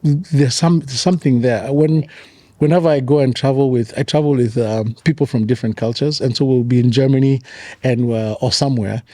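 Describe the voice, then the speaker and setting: Earnest man with a mellow voice. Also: medium pitch, fairly even intonation, a little fast, no echo. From Kenya. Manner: earnest, repeats key phrases for emphasis. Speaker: pastor and author, guest. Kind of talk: conversational storytelling.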